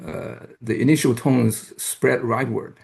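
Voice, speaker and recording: A man's voice: medium pitch, fairly even intonation, a little slow, gravelly, darkish tone. A man giving an academic lecture, talking hesitantly with many fillers and restarts. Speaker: guest lecturer.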